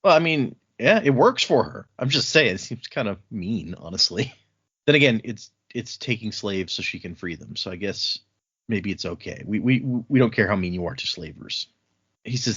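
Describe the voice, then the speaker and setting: A man co-hosting a casual book podcast, retelling scenes and tossing in quick quoted lines with frequent laughs. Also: on the low side, expressive, fairly bright tone, breathy edge. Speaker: podcast co-host. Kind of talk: casual book-club chat. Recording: dull lo-fi audio.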